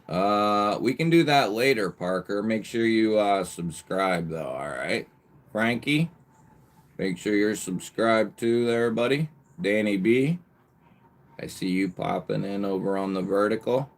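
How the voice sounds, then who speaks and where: Male livestream host, low voice, slow easygoing delivery, calls out chatters by nickname, bursts of emphasis. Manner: occasional mild swearing. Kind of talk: casual live chat with viewers.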